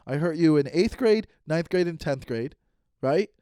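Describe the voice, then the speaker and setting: A man's voice: a little high, animated, moderate pace, mellow, clear, resonant tone, no room sound, studio quality. A man hosting a comedy podcast, ranting in an exasperated monologue and acting out both sides of conversations. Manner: ranting, exasperated, acts out voices. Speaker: podcast host. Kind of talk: comic monologue.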